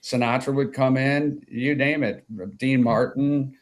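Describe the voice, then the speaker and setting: Man in his sixties, from Chicago, interview guest, rambling anecdotes, lots of uhs, mid-pitched voice. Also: little pitch movement, a little slow, slight background noise. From Chicago, USA. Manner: rambling, full of fillers and asides.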